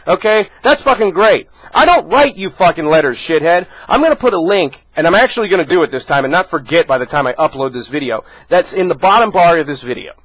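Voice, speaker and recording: Man, high-pitched, furious, profane, confrontational, dry, vlog rant. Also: expressive, fast, hardly any pauses, a bit bright, no echo, low-quality recording. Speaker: vlogger. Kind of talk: angry rant to camera.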